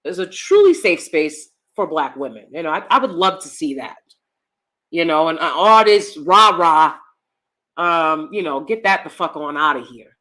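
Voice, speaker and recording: Blunt, bright-voiced woman streamer. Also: deep voice, lively intonation, moderate pace. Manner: blunt, profane and emphatic. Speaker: YouTube commentary host. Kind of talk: live-stream commentary, reading chat.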